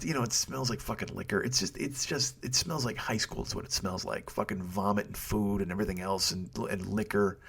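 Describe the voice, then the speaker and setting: A man's voice: fairly low pitch, vocal fry, breathy edge. A man in his forties, a comedian hosting a podcast, telling a rambling story with constant swearing and exasperation. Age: 40s. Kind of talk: profane storytelling monologue.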